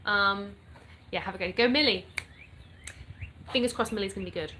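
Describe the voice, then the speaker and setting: A woman's voice: medium pitch, normal speed, pushed and bright, slight background noise. An English woman hosting a casual livestream, chatting upbeat and greeting viewers by name. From England. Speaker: livestream host. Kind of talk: casual live-stream chat reading comments. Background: birdsong.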